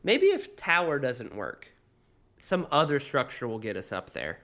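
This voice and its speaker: A man co-hosting a comedy podcast in casual chat, animated and laughing often mid-sentence as he tells playful stories. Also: medium pitch, unhurried. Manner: playful storytelling. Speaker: podcast co-host.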